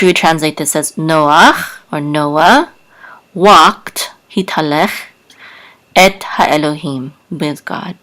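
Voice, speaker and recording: Slow, low-voiced woman teaching softly. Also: rough recording. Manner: soft-spoken, careful, spells out sounds with many fillers. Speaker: Hebrew teacher. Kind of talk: slow, patient language lesson.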